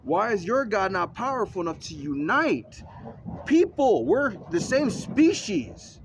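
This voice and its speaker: A man's voice: high voice, big pitch swings, measured pace, a little hiss or hum. A man ranting argumentatively in a casual vlog, recorded in a vehicle.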